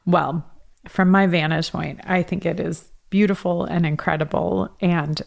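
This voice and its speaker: A woman's voice: lowish voice, fairly even intonation, a little slow, vocal fry. A woman hosting a podcast interview, affirming and encouraging, with frequent murmured agreement. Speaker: podcast host. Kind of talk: interview conversation.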